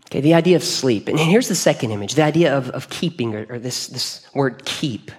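A man's voice: mid-range voice, lively intonation, brisk. A man preaching a sermon in a church, speaking earnestly in a conversational way and often restarting his phrases. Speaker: pastor. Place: church hall.

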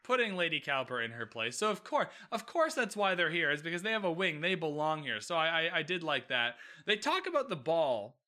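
A man hosting a casual solo podcast recap, animated and sarcastic, swearing freely and laughing often. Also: fairly high pitch, brisk, few pauses. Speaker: podcast host recapping a TV episode.

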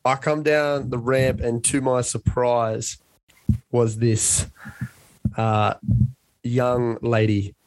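A man in his young adult years tells a long, rambling story at an easy, self-mocking pace. His voice sits at a middle pitch and is recorded close and dry, with no room sound around it. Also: level tone, slow, pauses often, no room sound. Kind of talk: casual storytelling chat.

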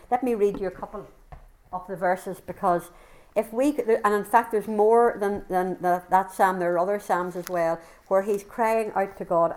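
A woman's voice: medium pitch, a little mellow. An earnest woman preaches with fervour, her voice sitting in an ordinary middle range. She reads scripture aloud between her own words, often repeating phrases as she builds her point. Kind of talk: sermon with scripture reading.

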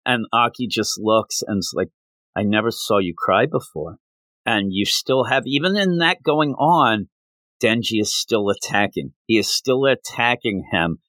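Guy on a podcast going over a manga chapter, bright forward voice, dry close sound, gets animated acting out bits. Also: fairly low pitch, measured pace, no room sound. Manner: animated, retells scenes in quoted voices. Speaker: podcast co-host. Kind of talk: casual chat recapping a manga chapter.

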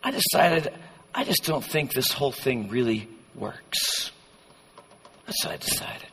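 A man's voice: on the high side, a little slow, a bit bright, slight background noise, pitched below the performer's own voice. A man voicing a lukewarm young churchgoer who brags in a folksy drawl and stumbles over his excuses. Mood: disillusioned. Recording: long hall reverb.

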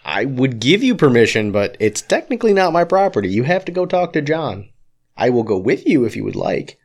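A man's voice: medium pitch, very animated, brisk, darkish tone. A man co-hosting a casual podcast chat over whiskey, teasing dryly and swearing. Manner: dry, teasing, profane. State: drinking whiskey. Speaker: podcast co-host.

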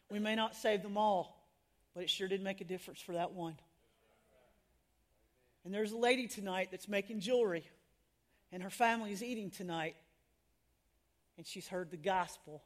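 A middle-aged woman telling stories in a sermon to women, animated and laughing at herself, acting out the people she quotes. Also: medium pitch, moderate pace, pauses often. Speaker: women's ministry speaker.

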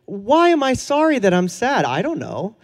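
A man's voice: very high voice, wildly swooping pitch, moderate pace, big-room sound. A man preaching a conversational sermon in a casual, earnest way, with fillers and chuckles. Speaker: pastor.

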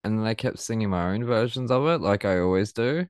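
A man's voice: fairly low pitch, fairly quick, clean tone, no room sound, clean studio sound. A man co-hosting a podcast, chatting casually, joking and swearing freely. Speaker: podcast co-host. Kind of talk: casual chat.

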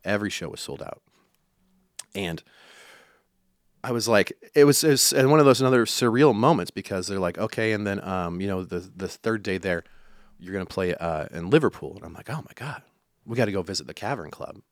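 Speaking at a moderate pace in a fairly low pitch, this young country musician from Iowa, USA, meanders through anecdotes in an informal interview, restarting and using fillers. The sound is clean studio quality with no echo.

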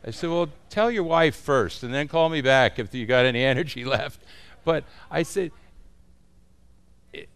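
A man's voice: medium pitch, expressive, normal speed, long pauses, a bit bright, smooth. A man teaching other pastors in an informal, folksy way, often chuckling as he talks.

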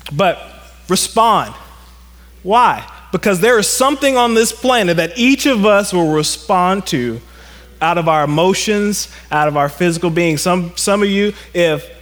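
A male pastor preaching a sermon to a congregation, animated and acting out stories in quoted voices. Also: on the high side. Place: church sanctuary. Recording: long reverb of a church hall.

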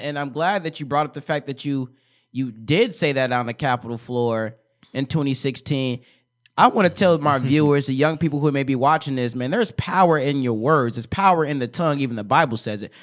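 A man's voice: medium pitch, lively intonation, normal speed. A man hosting a podcast interview, affirming and encouraging with a preacher-like cadence. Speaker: podcast host. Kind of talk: casual interview.

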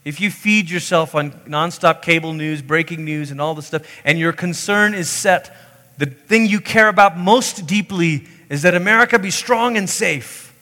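Male pastor, sermon, emphatic delivery, higher voice with ringing hall reverb. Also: bright, forceful tone. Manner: emphatic, voicing quoted pleas in a higher pitch.

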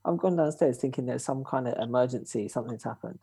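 A man's voice: medium pitch, fast, gravelly, warm tone, slightly rough, dry recording. A young man telling a story in casual chat, acting out quoted voices with swearing and laughter.

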